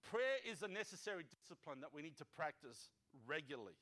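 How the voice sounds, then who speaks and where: A male pastor delivering a sermon with a high, bright voice. He reads scripture, then slips into casual, jokey asides and acts out the voices in the story. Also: very animated, fairly quick.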